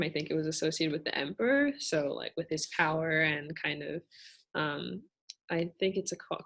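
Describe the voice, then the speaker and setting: Young woman explaining carefully, lower voice. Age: young adult. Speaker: student presenter. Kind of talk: casual educational explanation.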